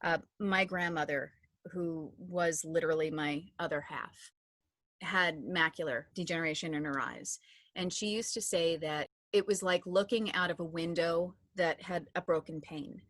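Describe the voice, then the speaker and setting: A woman's voice: lowish voice, normal speed, dry recording. Woman in her thirties, audio description narrator, chatty storytelling, dry close recording. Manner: warm, chatty storytelling with many restarts. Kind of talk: casual interview talk.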